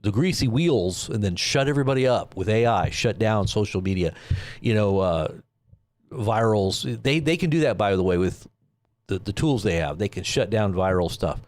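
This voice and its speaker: A man's voice: on the low side, expressive, moderate pace, darkish tone. Sarcastic rambling man. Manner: sarcastic, rambling, with frequent restarts. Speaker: live stream news commentator. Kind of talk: casual sarcastic commentary.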